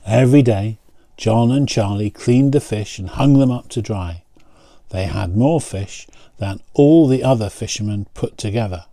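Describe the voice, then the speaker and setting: A man, a pastor, reading a picture book aloud and pausing to point out the pictures. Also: lowish voice, warm tone, no echo.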